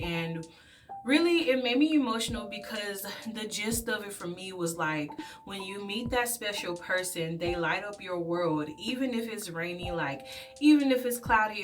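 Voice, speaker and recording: A woman vlogger recapping a movie while painting her face, chatty and animated, slipping into voices for the characters. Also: mid-range voice, recorded from a distance. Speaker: beauty and movie review vlogger.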